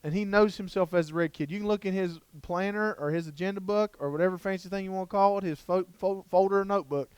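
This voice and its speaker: Animated storytelling man, crisp clear voice. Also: high-pitched, fast, few pauses, no room sound. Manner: down-to-earth, animated, jokey. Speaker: child development speaker. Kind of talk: storytelling keynote talk. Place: lecture room before an audience.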